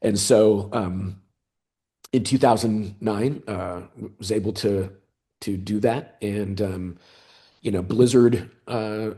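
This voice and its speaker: A man in his fifties, a guest in an interview, telling a story in a conversational way, animated and often pausing on fillers. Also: lowish voice. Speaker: interview guest, former gaming executive.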